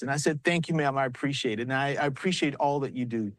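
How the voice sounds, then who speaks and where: A man's voice: mid-range voice, quick pace, hardly any pauses, dry recording. A man with a South Carolina accent, speaking as party chair by remote link from a busy arena, telling a story and giving earnest, rousing remarks. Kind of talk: live remarks on news broadcast. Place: large arena with commotion.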